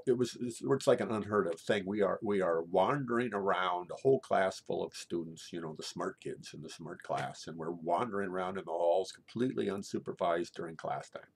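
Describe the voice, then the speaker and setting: Gravelly-voiced man telling a personal story. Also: deep voice. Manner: halting, hesitant, repeats words.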